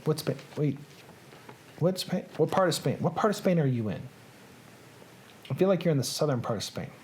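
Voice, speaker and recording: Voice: medium pitch, lively intonation, fairly quick, darkish tone, a little hiss or hum. A host chatting casually on a live reading show, joking and reacting to viewers.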